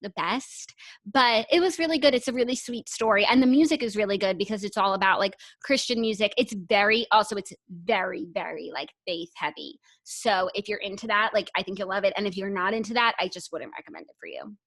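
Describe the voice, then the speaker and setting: A woman's voice: mid-range voice, brisk, fairly bright tone. Young female co-host, enthusiastic casual chat, middle-range voice. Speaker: podcast co-host.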